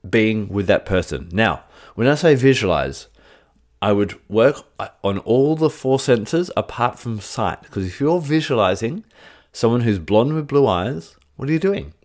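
A man's voice: mid-range voice, lively intonation, unhurried, a little mellow. A middle-aged man teaching in a casual, chatty way, with light joking asides. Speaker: crystal teacher. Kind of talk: casual teaching chat to camera.

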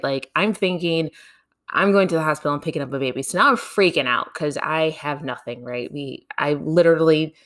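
A woman casually telling a personal story to her viewers, animated, laughing often and swearing now and then. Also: low-pitched.

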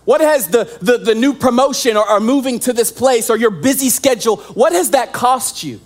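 Lively joking young male pastor. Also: very high voice, normal speed. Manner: animated, joking, playacts scenes. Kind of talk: sermon.

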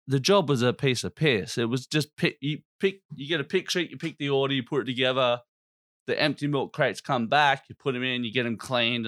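A man's voice: medium pitch, a bit bright, no room sound. A man hosting a podcast, ranting in a casual, blunt and constantly profane way. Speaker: podcast host.

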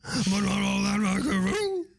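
A man doing a Shaggy impression, a goofy slacker who drawls high with cracking notes. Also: sing-song, measured pace, vocal fry, full character voice. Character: goofy lanky young man, laid-back slacker.

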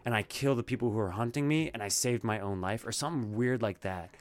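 A young man in an excitable, joking, profane casual chat, talking as a podcast co-host. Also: mid-range voice, fast.

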